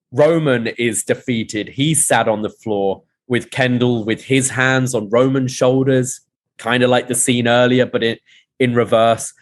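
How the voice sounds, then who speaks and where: Male podcast host, mid-pitched, narrates episode recaps and punches up the quoted lines. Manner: retells scenes, reading out dialogue with rising emphasis.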